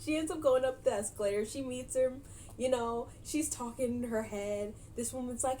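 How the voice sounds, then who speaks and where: A woman's voice: sits high, normal speed, mellow, a little hiss or hum. A young woman casually recapping a movie for her vlog, chatty and giggly, animating her retelling. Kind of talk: casual chat.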